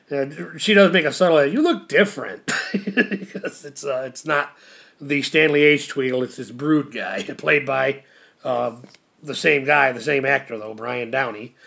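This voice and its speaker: A man's voice: a little high, measured pace, creaky, fairly bright tone. A man casually recapping a TV episode, laughing constantly and rambling with lots of fillers. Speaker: show reviewer.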